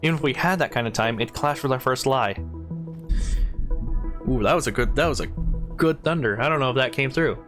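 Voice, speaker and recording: A man narrating a tactics game, reading each character's lines aloud in his own voice at a middling pitch. He slips out of the script now and then to chat. Faint music sits under his voice. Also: fairly quick, pauses often. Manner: reads lines aloud with chatty asides. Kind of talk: casual let's-play narration.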